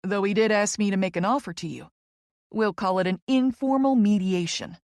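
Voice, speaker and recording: A woman's voice: mid-range voice, moderate pace, darkish tone, no room sound, studio quality, close to an everyday voice. A woman voicing a small older lawyer man with a thick Kentucky drawl who calls people honey. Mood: folksy. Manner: folksy, calls her honey.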